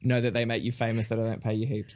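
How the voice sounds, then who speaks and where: A man's voice: medium pitch, level tone, quick pace, a little mellow. An Australian man, a podcast guest, making dry camp jokes in casual chat.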